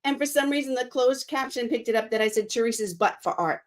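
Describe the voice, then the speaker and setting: A woman in her late fifties with a New York accent, chatting as a guest on a business live stream. She tells lively stories and laughs easily, and her voice sits slightly above the usual pitch. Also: fast talker. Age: 50s. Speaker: guest, paint party business owner. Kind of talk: casual live-stream chat.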